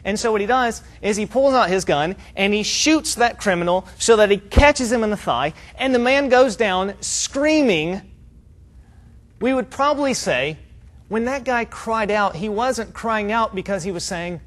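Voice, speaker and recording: A man's voice: high voice, lively intonation, moderate pace. A man preaching a sermon, explaining a passage in an earnest, emphatic teaching tone and asking rhetorical questions.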